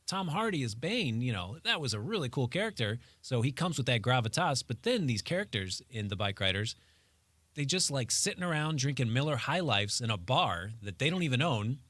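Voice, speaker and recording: A man with a mid-range voice gives a casual, joking film review on a radio show. The sound is dry and close, with almost no room echo. His delivery is wry and animated. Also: mid-range voice, a little fast. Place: radio studio.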